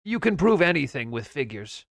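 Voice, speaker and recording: A man's voice: a little high, big pitch swings, normal speed, gravelly, dry recording, clean studio sound. Man voicing a blunt, stubborn harpooner. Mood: skeptical.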